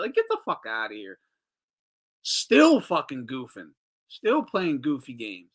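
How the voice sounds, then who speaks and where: Animated, profane man hosting a boxing talk show. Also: medium pitch, unhurried. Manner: animated, swearing, mocking, reading chat aloud. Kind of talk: casual profane livestream commentary.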